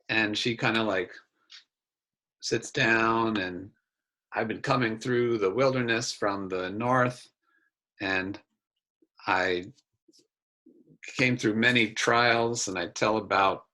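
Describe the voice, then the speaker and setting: Slow-talking guy player, bright voice, hesitant. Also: on the low side. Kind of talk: tabletop game play.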